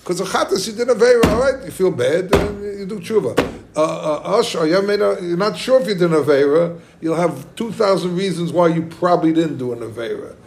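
A man giving an excited Talmud lecture to students, restarting often and asking listeners questions. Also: high voice, fairly quick, a little hiss or hum. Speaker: Talmud teacher.

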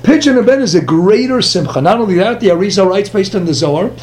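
A man with an unusually high voice gives a Torah class. He reads lines from Hebrew texts and puts them into plain English. He tells stories in a lively way and throws quick asides to the room. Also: slight background noise. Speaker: rabbi teaching a class.

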